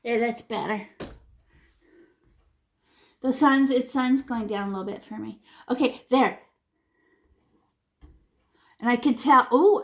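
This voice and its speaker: An art teacher with a slightly high, creaky voice gives children a painting lesson in a classroom or home room. She's playful and chatty, making sound effects and repeating words.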